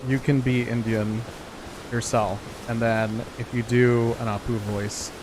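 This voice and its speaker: A man's voice: medium pitch, little pitch movement, a little slow, background noise. Rambling, stammering young man. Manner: rambling storyteller, stammers and laughs. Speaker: co-host of a gaming channel. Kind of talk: casual gameplay commentary chat.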